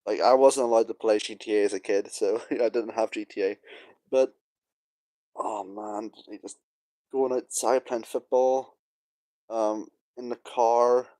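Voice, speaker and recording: A man's voice: on the low side, fairly even intonation, measured pace, dark tone, dry recording. A young man talking casually to camera, rambling and wistful, with many fillers and sighs. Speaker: vlogger. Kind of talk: casual nostalgic monologue.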